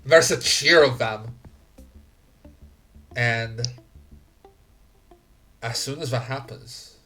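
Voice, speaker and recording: A man's voice: medium pitch, pushed and bright. A man narrating grim scenes as game master in a tabletop game. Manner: slow, grim scene-setting.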